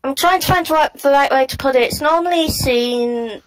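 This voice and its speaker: Casting: English woman, podcast co-host, a bit high-voiced, thoughtful and explanatory. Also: moderate pace, poor audio. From England. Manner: thoughtful, searching for words. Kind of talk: casual podcast chat.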